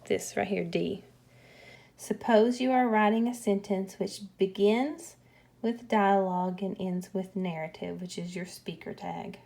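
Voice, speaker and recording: A woman teaching a grammar lesson, explaining punctuation slowly and patiently. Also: medium pitch, creaky, mellow.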